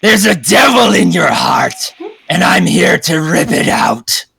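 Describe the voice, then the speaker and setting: A man voicing a massive, vengeful female lycanthrope who speaks in slow, menacing threats. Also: lowish voice, big pitch swings, gravelly, a bit bright, slightly rough, raised voice, exaggerated voice.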